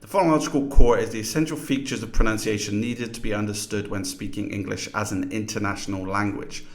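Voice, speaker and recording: Low-voiced man explaining pronunciation. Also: steady tone, fast talker. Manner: explanatory, demonstrating pronunciations aloud. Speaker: teacher. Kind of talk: scripted lesson narration.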